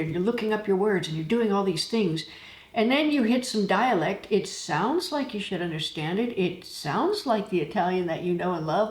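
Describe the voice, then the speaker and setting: A woman hosting a travel vlog, telling chatty stories and laughing now and then. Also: mid-range voice. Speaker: travel channel host. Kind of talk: casual talking-to-camera vlog. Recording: echoey room.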